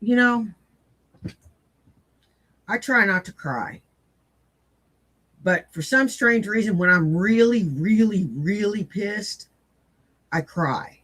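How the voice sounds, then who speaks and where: A woman's voice: mid-range voice, expressive, slow, long pauses, fairly bright tone, low-quality recording. An older woman hosting casual commentary, rambling bluntly and poking fun at herself in a folksy way. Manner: blunt, self-mocking, folksy. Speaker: commentary host.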